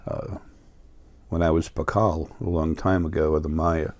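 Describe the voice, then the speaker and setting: A middle-aged man with a New York accent rambles through a casual spiritual monologue, stopping often on fillers and restarting his sentences. His voice sits very low. The sound is dry and close. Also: flat delivery, moderate pace, a little mellow, dry recording. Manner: meandering, many fillers and restarts. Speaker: spiritual video host.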